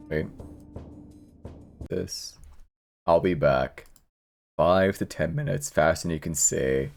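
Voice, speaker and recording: A man's voice: rumbling low, slow, vocal fry, long pauses, darkish tone. A man streaming a horror action game, joking sarcastically at the game and his chat. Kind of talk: live gameplay commentary. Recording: game music and gunfire behind.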